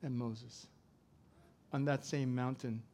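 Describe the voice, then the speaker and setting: A middle-aged man preaching a sermon, swinging from loud to soft as he tells a story. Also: mid-range voice, steady tone, slow. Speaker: pastor.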